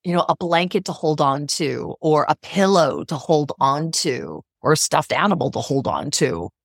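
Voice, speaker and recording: A middle-aged woman with a lowish voice talks as a guest on a podcast. She is earnest and emphatic and often repeats a phrase for weight. The sound is close and dry. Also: expressive, moderate pace, creaky, dry recording. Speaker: psychotherapist guest. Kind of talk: podcast interview.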